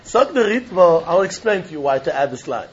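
A man giving a Talmud lecture, animated and chuckling as he acts out both sides of an argument. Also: fairly high pitch, fairly quick, husky. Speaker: Talmud teacher. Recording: dull lo-fi recording.

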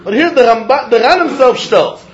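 A man with a high-pitched voice leads a Talmud study lecture, reasoning aloud in an animated sing-song that slides between English and Yiddish and Hebrew terms. The recording is dull and lo-fi. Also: normal speed. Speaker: Talmud teacher.

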